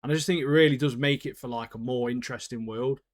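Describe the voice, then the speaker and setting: A man co-hosting a podcast in casual chat, slangy and excitable, laughing often. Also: medium pitch, quick pace. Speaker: podcast co-host.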